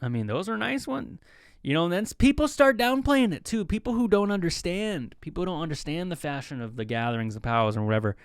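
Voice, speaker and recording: A man's voice: on the high side, a little fast, smooth, no echo, clean studio sound. A young man hosting a podcast, telling joking stories in a casual solo talk and mimicking the people in them. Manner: joking, animated storytelling with mimicked voices. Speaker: podcast host.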